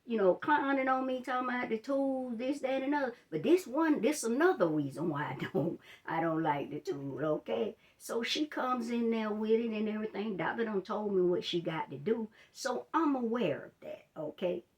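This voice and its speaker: A woman's voice: a little high, normal speed, hardly any pauses. Chatty woman telling a story to viewers. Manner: chatty, talks straight to viewers; expressive, retelling with drama. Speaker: life coach. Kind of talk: storytime vlog.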